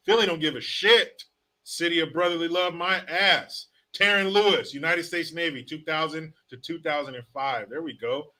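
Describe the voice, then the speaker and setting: A man with a bright, cutting voice that sits a bit high for a man hosts a loose live stream. He reads off viewer names and hometowns and tosses out quick sarcastic jokes in an easy, casual way. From California. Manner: joking, sarcastic, reads chat names aloud. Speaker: live-stream host reading viewer comments.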